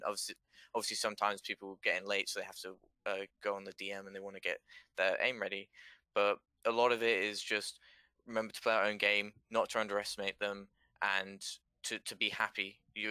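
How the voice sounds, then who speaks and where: A man speaking earnestly in a casual interview, his tone staying level and flat. His voice is fairly low but bright and forceful. The sound is dry and close. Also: no echo. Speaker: esports team player.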